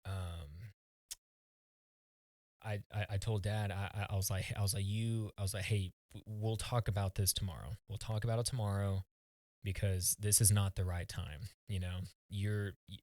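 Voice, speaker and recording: A man with a fairly low voice tells a personal story as a podcast guest, earnest and halting, often restarting his words. The sound is dry and close, with no room around it. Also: flat delivery, a little mellow, no room sound. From United States.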